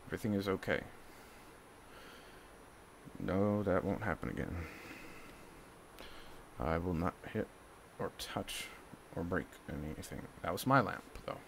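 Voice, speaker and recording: A man's voice: low-pitched, unhurried, creaky, pauses often, fairly bright tone, slight background noise. A man talking to the camera in a casual monologue, agitated and repeating himself. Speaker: vlogger.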